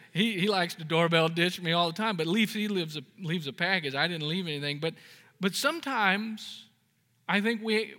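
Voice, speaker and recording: A male pastor delivering an earnest sermon in a high, bright voice. He swings from folksy, joking stories to emphatic peaks of exhortation, and his words ring out with a long reverb across a church sanctuary from a stage microphone. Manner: folksy storytelling with jokes. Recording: reverberant hall.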